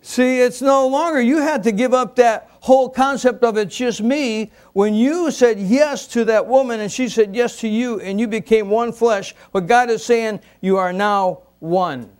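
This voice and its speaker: A man preaching a sermon to a congregation, slow and emphatic, repeating key words for weight. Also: very high voice, a little mellow, clear, resonant tone. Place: church before a congregation.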